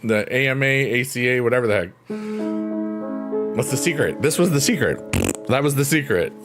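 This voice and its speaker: Casting: upbeat male livestream host, mid-range voice, close mic, soft music underneath. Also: mid-range voice, animated, moderate pace. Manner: goofy, upbeat, joking, laughing often. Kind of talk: casual livestream chat. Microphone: close mic, leans in.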